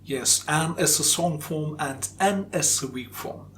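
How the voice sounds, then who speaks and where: A man teaching an English pronunciation lesson, explaining terms and repeating example phrases slowly and deliberately for emphasis. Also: a little high, a bit bright, slight background noise.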